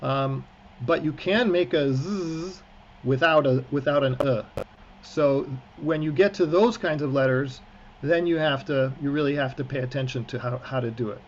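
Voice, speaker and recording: Teaching an online class in prayer book reading, a male cantor speaks with medium pitch at a moderate pace, the audio's highs cut off. His style is encouraging and chatty, sprinkled with jokes.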